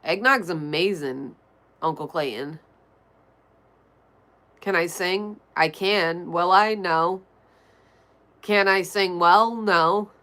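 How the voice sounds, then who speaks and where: A woman's voice: lowish voice, slow, long pauses, sharp tone. A woman with a nasal voice, chatting casually on a livestream and answering viewer messages as she reads them. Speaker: livestream host. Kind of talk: casual livestream chat, reading chat.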